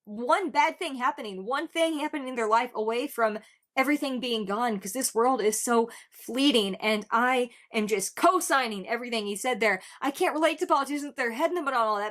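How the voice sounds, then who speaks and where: A woman's voice: fairly high pitch, fairly quick, a bit bright. A young adult woman hosting a music reaction video, talking in a casual, heartfelt way with sarcastic turns and restarts as she thinks aloud.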